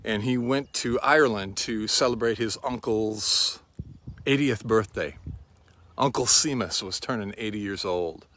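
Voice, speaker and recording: A man delivering a sermon in a rather low voice. He speaks very slowly, in a reflective and quietly earnest way that leaves room between his words. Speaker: preacher.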